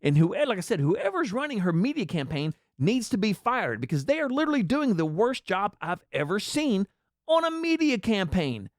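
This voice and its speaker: A man's voice: high voice, sing-song, moderate pace, no echo, clean studio sound. A man delivering a sarcastic, mocking political commentary rant. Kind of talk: ranting commentary.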